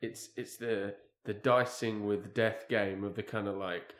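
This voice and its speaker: A man's voice: on the low side, steady tone, measured pace, a bit bright. Dry-humored man in an echoey room. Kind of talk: casual film discussion.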